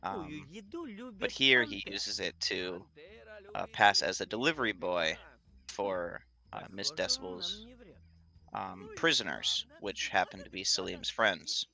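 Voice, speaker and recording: A man with a low, very bright and sharp voice talks through a speedrun in casual live commentary. He explains things at length and laughs easily. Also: lively intonation, slow pace, gravelly. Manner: chatty, laughing often, explanatory.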